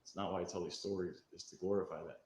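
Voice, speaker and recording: Fired-up, swearing man telling a rough story. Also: sits low, steady tone, fast talker, echoey room, a little hiss or hum, rough recording. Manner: fired-up, swearing, acts out shouted quotes. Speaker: storyteller of past addiction. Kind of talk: candid recovery storytelling.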